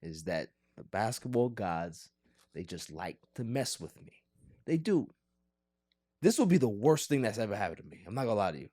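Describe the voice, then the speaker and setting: A man hosting a casual sports podcast, joking and theatrically pleading in an animated way. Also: fairly low pitch, normal speed, no echo, clean studio sound. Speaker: podcast host.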